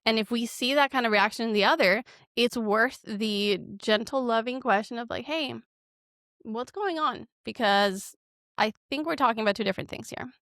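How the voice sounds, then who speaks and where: Expressive woman therapist, higher voice. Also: brisk, dry recording, studio quality. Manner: animated, acts out quoted lines. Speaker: marriage and family therapist guest. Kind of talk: casual podcast conversation.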